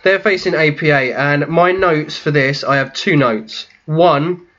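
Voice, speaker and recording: Calm dry man recapping. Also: on the high side, a little slow, lo-fi sound. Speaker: podcast co-host. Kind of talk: casual chat, recapping from notes.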